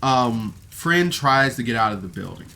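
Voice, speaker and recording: A man's voice: mid-range voice, expressive, moderate pace, creaky, sharp tone. A man giving a casual, rambling review of a podcast episode on camera, emotional and full of fillers. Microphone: camera mic, seated on camera.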